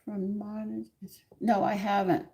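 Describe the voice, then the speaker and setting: A woman's voice: mid-range voice, level tone, a little slow, vocal fry, warm tone. A woman hosting a home cooking livestream, chatting with viewers, her pet and herself as she works in her kitchen. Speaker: cooking show host. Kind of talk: casual cooking livestream chat. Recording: noisy kitchen with clattering dishes.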